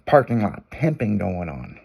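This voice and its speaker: A man's voice: low voice, big pitch swings, a little slow, gravelly, slightly rough, dull audio. A man hosting a radio show, telling a long crude story in loose casual talk.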